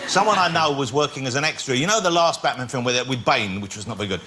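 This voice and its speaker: A man's voice: medium pitch, heavy background noise. A man telling a funny anecdote as a quiz panelist. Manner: animated, quick anecdote telling. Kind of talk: comic storytelling. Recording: live studio with audience.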